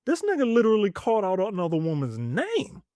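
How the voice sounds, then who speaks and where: A man's voice: high-pitched, wildly swooping pitch, brisk, mellow, no echo, clean studio sound. A man co-hosting a podcast, teasing and asking questions in casual film talk. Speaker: podcast co-host. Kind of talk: casual film review chat.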